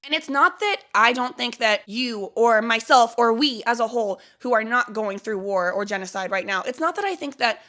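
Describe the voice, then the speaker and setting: Bright-voiced woman vlogging, rambling earnestly. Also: fairly high pitch, expressive, normal speed, hardly any pauses. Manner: rambling, heavy use of "like", searching for words. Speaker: spiritual content creator. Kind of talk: casual confessional vlog monologue.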